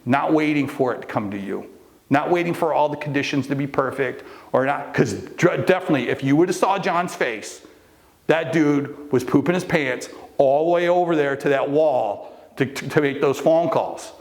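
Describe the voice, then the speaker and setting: A man's voice: a little high, normal speed, creaky. A middle-aged man coaching a live group, telling a long story with fillers and restarts and acting out the people in it. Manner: storytelling, acts out quoted people. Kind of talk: motivational talk to a live group.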